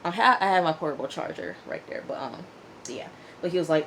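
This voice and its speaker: A woman casually recapping a TV episode in a chatty, animated way, often checking in with "okay?" and acting out the people she quotes. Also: sits low, fast, slight background noise, low-quality recording. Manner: chatty, animated retelling with frequent "okay?" and fillers. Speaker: TV episode reviewer.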